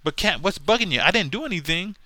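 A man doing a whiny high-pitched young sidekick. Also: expressive, fast, pushed and bright, dry recording, heavily acted. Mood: whining.

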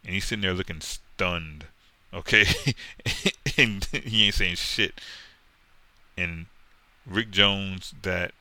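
Man, low voice, bright edge, profane animated rant, mocking, dry sound. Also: slow, pauses often, no room sound. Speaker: comic book commentator. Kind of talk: casual rant.

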